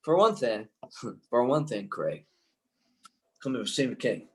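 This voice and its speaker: An older man, a filmmaker guest in an interview, telling a long anecdote in an excitable, rambling way full of restarts. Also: medium pitch, unhurried, long pauses, poor audio.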